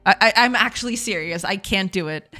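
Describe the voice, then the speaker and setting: A woman's voice: mid-range voice, a little fast, pushed and bright. A woman streaming game development live, chatting casually with her viewers, laughing often and repeating herself in a self-deprecating way.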